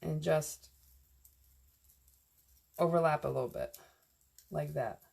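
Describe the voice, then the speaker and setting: Chatty woman teaching wreath making, low voice. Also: slow, creaky, darkish tone. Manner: chatty, rambling, answers viewers' comments as she works. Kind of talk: casual live craft tutorial.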